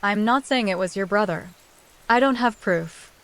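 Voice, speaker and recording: A woman's voice: medium pitch, normal speed, fairly bright tone, natural voice. A woman reading the part of a young man who presses another person with careful questions. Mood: calm. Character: young man, guarded and probing.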